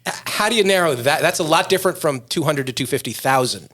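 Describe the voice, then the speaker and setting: A middle-aged man from New York, hosting a podcast in casual chat and telling stories with quick impressions. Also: fairly high pitch. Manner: animated storyteller, does quick impressions. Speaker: podcast host.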